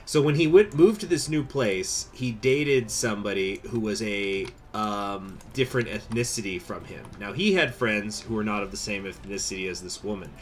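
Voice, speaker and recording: A man's voice: normal speed, hardly any pauses, soft background music. Rambling male game streamer. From United States. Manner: rambling, laughing, swings to high excited bursts. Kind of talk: casual game commentary with chat.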